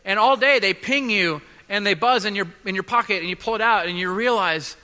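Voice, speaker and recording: A man preaches earnestly in a bright, fairly high voice, often stumbling and repeating himself as he builds his point. His voice rings with long reverb in a large church hall. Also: clear, resonant tone. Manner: earnest, halting, repeats words. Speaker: pastor. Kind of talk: sermon.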